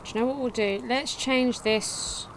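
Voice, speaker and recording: A woman casually commenting on her gameplay, reading game text aloud in a chatty way with sudden excited outbursts. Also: on the high side, unhurried, slight background noise. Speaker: let's play gamer.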